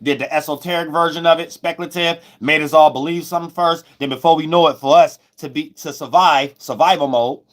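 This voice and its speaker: A man giving a loose, rambling spiritual astrology monologue, repeating himself and breaking into sudden loud, high shouts. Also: fairly even intonation, a little fast, few pauses. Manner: loose, preachy, repeats "you know what I'm saying", bursts into loud high shouts.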